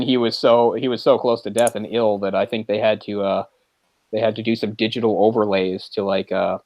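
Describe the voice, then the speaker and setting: A man with a mid-range voice rambles casually as co-host of a film podcast, full of fillers and repeated restarts. No room sound is audible.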